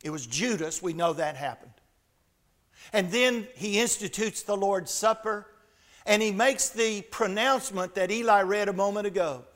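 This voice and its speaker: A man preaching a sermon, retelling a Bible story with dramatic shifts between loud and hushed delivery. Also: high-pitched, moderate pace.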